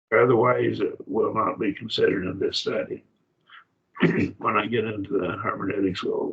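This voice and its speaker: An older man leads a Bible study lecture in a low, gravelly voice. He talks in an unhurried, halting way, pausing on fillers and restarting his phrases. The recording sounds dull and lo-fi. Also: fairly bright tone. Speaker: Bible class teacher.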